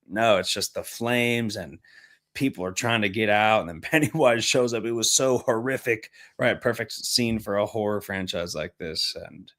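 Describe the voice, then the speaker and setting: A man co-hosting a casual podcast review, talking in a relaxed, slangy, emphatic way. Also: on the low side, normal speed. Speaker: podcast co-host.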